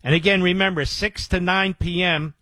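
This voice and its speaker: A man's voice: sits high, fairly even intonation, normal speed, pushed and bright, dry recording. A man hosting talk radio, speaking emphatically and boastfully and repeating key phrases for effect. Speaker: radio talk show host.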